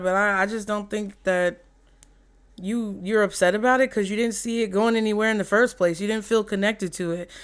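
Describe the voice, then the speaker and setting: A woman's voice: mid-range voice, a bit bright, clean tone. A woman giving a casual tarot reading in a chatty way. She swears freely, restarts her sentences and trails off. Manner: chatty, swears freely, acts out quotes in mock voices; stops to laugh, trails off, restarts. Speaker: tarot reader.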